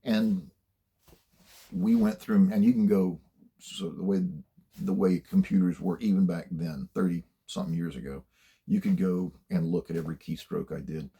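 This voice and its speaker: A man's voice: low voice, fairly even intonation, moderate pace, vocal fry, mellow, husky. An older man giving blunt, plainspoken career advice in a casual monologue, swearing freely as he tells stories from his working life. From United States.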